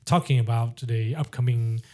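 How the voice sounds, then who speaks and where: A man hosting a casual film podcast, asking questions and giving measured, hesitant opinions with frequent "uh" and "um". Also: medium pitch, darkish tone. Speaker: podcast host.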